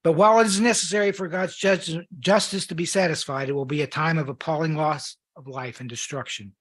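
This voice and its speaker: Husky-voiced man preaching a sermon. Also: on the high side, fairly even intonation, a bit bright. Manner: earnest, measured scripture reading. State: losing his voice.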